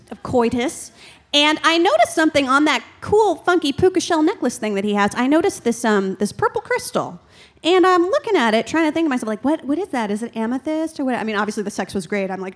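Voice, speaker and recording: A woman's voice: sits high, fairly bright tone. A young adult woman doing stand-up comedy, telling a candid, rambling and self-deprecating story.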